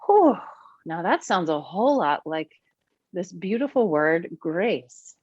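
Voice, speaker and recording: An animated, expressive woman talks through her ideas as a podcast guest, her fairly low voice leaping up in pitch when she gets excited. The sound is dry and close, with a dull lo-fi quality. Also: measured pace, breathy edge, dry recording. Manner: animated, warm and expressive, with big swings in pitch. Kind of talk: conversational podcast interview.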